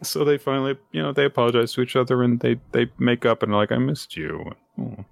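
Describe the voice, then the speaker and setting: A man co-hosting a casual podcast, retelling a chapter in a chatty way with lots of fillers and pitch jumps for quoted lines. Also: steady tone, fast talker, vocal fry, dry recording, clean studio sound. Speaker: podcast co-host. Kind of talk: casual chat recapping manga chapters.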